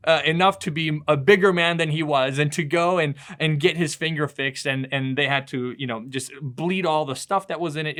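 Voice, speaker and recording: A man's voice: fairly high pitch, bright, forceful tone. A man preaching a short devotional sermon as a pastor, telling stories earnestly and often repeating words as he goes. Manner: earnest storytelling with frequent word repeats.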